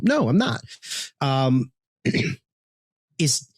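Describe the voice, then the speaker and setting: A man's voice: medium pitch, unhurried, pauses often, a little mellow, no room sound, clean studio sound. A man co-hosting a casual chat show, talking bluntly with profanity and jokes. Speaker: co-host.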